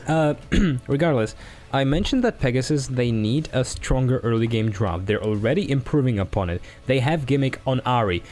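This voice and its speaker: A man's voice: medium pitch, expressive, moderate pace, darkish tone. A man casting an esports match, breaking down picks and teasing his co-caster.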